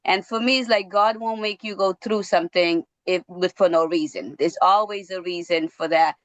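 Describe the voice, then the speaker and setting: A woman's voice: fairly low pitch, moderate pace, dry recording, poor audio. A woman from Verde, a teacher talking earnestly on a podcast and laughing between phrases. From Cape Verde. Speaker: teacher and guest.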